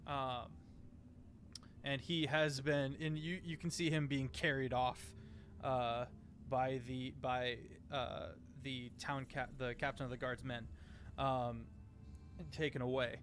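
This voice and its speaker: A man's voice: mid-range voice, level tone, slow pace, fairly bright tone. A man narrating as game master of a tabletop game, hesitant, with many fillers.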